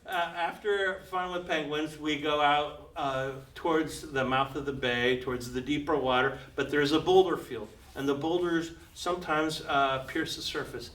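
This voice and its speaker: A man's voice: fairly high pitch, fairly even intonation, moderate pace, few pauses, a bit bright. An older man telling a personal adventure story to a live audience, chuckling often and acting out the voices of the people in it. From United States. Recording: roomy, slightly distant, faint background hum.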